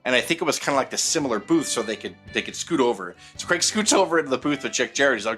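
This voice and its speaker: A man with a bright, forceful voice spins a rambling, animated story on a casual podcast, full of ums and acted-out quotes. Faint music plays softly behind him. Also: medium pitch, racing. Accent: Southern Californian. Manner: rambling, animated anecdote-telling with many fillers. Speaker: podcast co-host.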